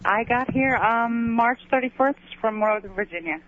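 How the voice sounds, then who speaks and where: A woman's voice: on the high side, moderate pace. A woman calling in to a talk radio show, sounding friendly and upbeat. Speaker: caller. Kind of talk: phone-in call. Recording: lo-fi radio broadcast with faint noise.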